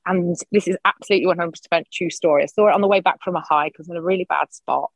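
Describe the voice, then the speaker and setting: A middle-aged woman, a podcast guest, telling a personal story in lively, candid conversation, swearing freely and acting out her own quotes. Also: lowish voice, very fast, creaky, no echo. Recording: dull lo-fi sound.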